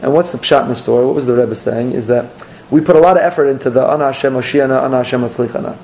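A man, a rabbi, giving an earnest sermon and telling a story with slow, emphatic phrasing. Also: medium pitch, a little mellow.

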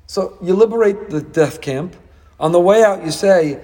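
A man, a rabbi giving a Torah class, animated and acting out dialogue with rhetorical questions. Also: sits high, moderate pace, in a large hall.

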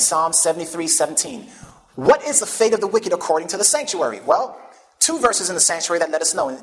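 Emphatic preacher asking the congregation questions. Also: male voice, high-pitched. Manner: call-and-response questions to the congregation. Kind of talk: sermon.

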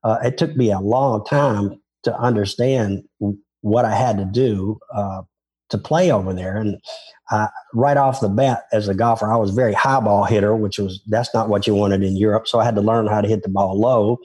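An older Southern man with a Tennessee drawl, his voice low, mellow and a little husky. He rambles through his stories with restarts and self-deprecating asides in a relaxed interview. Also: moderate pace. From Memphis, Tennessee. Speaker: former touring golf pro, interviewee. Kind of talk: casual interview storytelling.

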